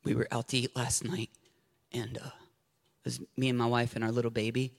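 A man preaching a sermon, building to shouted passion and then easing into quiet storytelling. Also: mid-range voice, flat delivery, normal speed, creaky.

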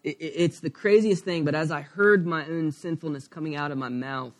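Male pastor, 30s, candid rambling sermon storyteller with a fairly high voice. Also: a little fast.

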